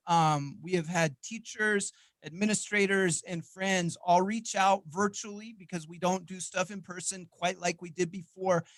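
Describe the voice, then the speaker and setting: A middle-aged man moderates a panel in an upbeat, encouraging way. His voice is high for a man, and the sound is dry and close. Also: dry recording. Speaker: panel host.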